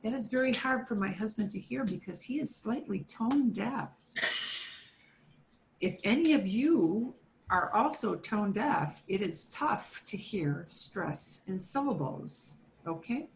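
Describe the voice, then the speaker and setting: A woman teaching a beginner Spanish class, slowly sounding out each word for her students to repeat. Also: mid-range voice, lively intonation, slight background noise. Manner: slow, drawn-out modeling of words for students to repeat. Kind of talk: beginner language lesson.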